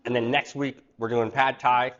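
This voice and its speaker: A man's voice: medium pitch, little pitch movement, moderate pace, a bit bright, lo-fi sound. A man hosting a live online cooking class, chatting casually and rambling into stories. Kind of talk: casual livestream class chat.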